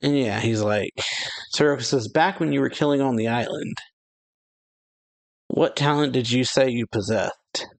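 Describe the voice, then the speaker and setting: Man, reaction channel host, casual read-along of a manga chapter, many fillers, mid-pitched voice. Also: normal speed, vocal fry, long pauses.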